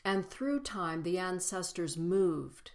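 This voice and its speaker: A woman giving a personal spiritual talk to a congregation, speaking reflectively and building lists with slow, emphatic phrases. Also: on the low side, expressive.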